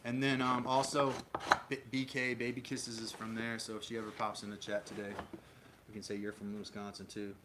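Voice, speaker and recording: This Minnesota man hosts a relaxed livestream, rambling through viewer comments aloud with plenty of fillers and restarts. His voice sits on the low side with a level tone and a brisk pace. Loud background noise and clicks run through the recording.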